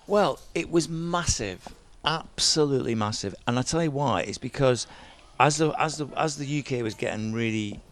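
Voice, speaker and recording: A man, a DJ guest, telling lively stories in a chat and mimicking other people's voices as he goes. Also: medium pitch, normal speed. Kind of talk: animated storytelling chat.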